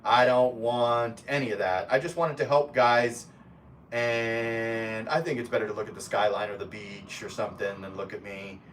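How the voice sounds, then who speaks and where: A man's voice: lowish voice, steady tone, normal speed, a bit bright, distant mic. Casual male streamer reading chat aloud, blunt and foul-mouthed, mic set back with a light hiss behind. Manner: blunt, profane and rambling. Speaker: expat live streamer.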